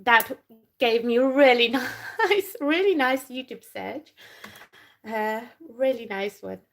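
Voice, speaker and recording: A woman whose first language isn't English hosts a casual craft live stream, chatting and laughing often as she works. Her voice is on the high side and creaky, with slushy sh sounds and a slow, halting delivery.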